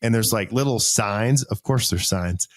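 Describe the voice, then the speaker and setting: A middle-aged man from South Carolina, co-hosting a podcast and telling stories in lively casual chat, jumping into high voices when he quotes people. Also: a little slow. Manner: animated, jumps into high-pitched voices when quoting people. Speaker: podcast co-host.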